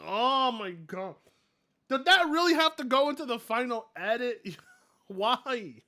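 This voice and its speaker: Loud, mocking young-sounding streamer man. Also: very high voice, expressive, slow pace. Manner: loud, mocking, bursts into yells and laughter. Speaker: streamer reacting to videos. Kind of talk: live stream reaction commentary.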